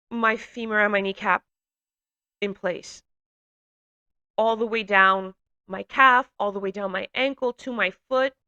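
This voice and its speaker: A woman recounts a personal testimony in a bright, clear-toned voice. She speaks earnestly and haltingly, with fillers and restarts. Her telling is heartfelt and emotional. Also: mid-range voice. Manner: grows emotional while recounting.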